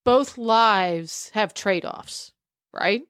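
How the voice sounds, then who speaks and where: A woman hosting a casual podcast, measured and reflective, at a mid pitch. Her voice is close and dry, with no room echo. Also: a bit bright, clear, resonant tone. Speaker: podcast host.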